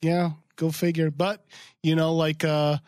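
A man's voice: on the high side, little pitch movement, unhurried, darkish tone, smooth, no room sound, studio quality. A man from the Philippines co-hosting a podcast, chatting casually and rambling with lots of "you know" and "uh". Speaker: podcast co-host. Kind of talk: casual chat.

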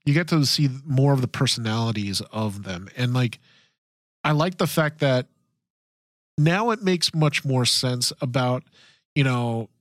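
A man's voice: mid-range voice, unhurried, no room sound, clean studio sound. A man co-hosting a podcast, chatting casually and enthusiastically, laughing often. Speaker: podcast co-host. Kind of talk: casual chat about a TV series.

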